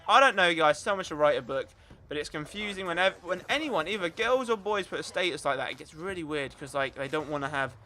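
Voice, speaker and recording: Young guy ranting over his game footage, high bright voice, all over the place, fed up. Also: fast talker, hardly any pauses, a little hiss or hum. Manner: animated, ranting, exasperated. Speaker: gaming channel host. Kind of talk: ranting commentary over gameplay.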